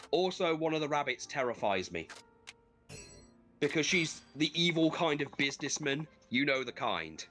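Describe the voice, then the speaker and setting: Lively gaming host, man, slightly high voice, swears casually, storyteller. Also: measured pace, pauses often, soft background music. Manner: animated storyteller, swears and laughs often. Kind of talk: casual chat while playing a video game.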